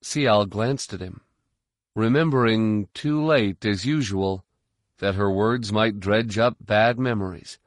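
A man reading an audiobook in a steady, measured narration. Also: lowish voice, no echo, clean studio sound. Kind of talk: scripted narration.

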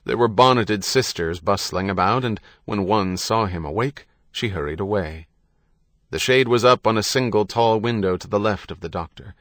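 A man reading a novel aloud as an audiobook narrator, in a measured, even storytelling delivery. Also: lowish voice, no echo, clean studio sound. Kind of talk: scripted narration.

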